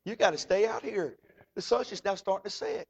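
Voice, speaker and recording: A man's voice: high-pitched, brisk, creaky, voice pushed up. A man voicing a blunt, folksy New York cab driver who coaxes his passenger to stay out. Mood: amused. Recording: dull lo-fi recording.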